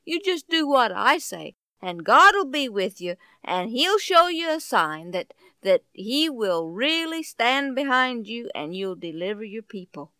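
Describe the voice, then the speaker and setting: A woman's voice: on the high side, sing-song, measured pace, hardly any pauses, bright, forceful tone, clear, resonant tone, dry recording, full character voice. A woman voicing a heavenly angel who gives firm, reassuring commands. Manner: firm, reassuring, plain-spoken.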